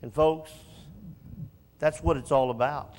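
A man pastor preaching a sermon in a folksy, self-mocking way that swells to shouts. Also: on the high side, steady tone, takes it slowly, big-room sound.

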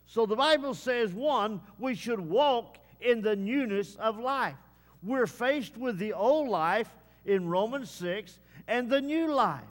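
High-voiced folksy preacher in a reverberant hall. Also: male voice, lively intonation, slow pace. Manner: folksy, many uh fillers, repetitive preaching cadence. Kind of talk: sermon. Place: church service.

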